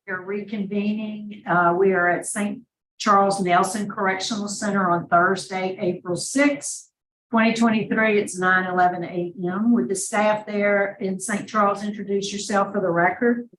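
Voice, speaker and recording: A woman's voice: mid-range voice, fairly even intonation, a bit bright. Formal woman board chair, distant mic in a reverberant room. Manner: brisk, formal, reading into the record. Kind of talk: formal hearing procedure. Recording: echoey hearing room, distant mic, faint noise.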